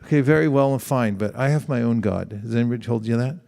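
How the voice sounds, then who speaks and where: A middle-aged spiritual teacher speaks fast in a gravelly, warm, mid-range voice. His sermon is conversational; he poses questions to the audience and acts out quoted exchanges.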